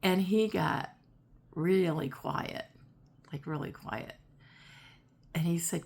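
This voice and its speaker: A woman psychic telling a personal story in a chatty, casual way, repeating herself and getting animated when she quotes people. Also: on the low side, slow, gravelly, pauses often. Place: home, seated in a rocking chair.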